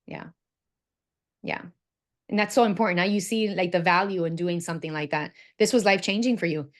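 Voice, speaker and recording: A woman's voice: fairly low pitch, a little fast. Upbeat woman hosting a workshop. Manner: animated, encouraging, storytelling with quoted voices. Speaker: workshop host. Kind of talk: enthusiastic workshop talk.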